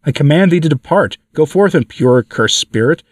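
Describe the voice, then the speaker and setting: A man's voice: a little high, expressive, moderate pace, no echo, pitched above the performer's own voice. A man voicing a stern male priest performing an exorcism, solemn and commanding, on a dry, distant mic.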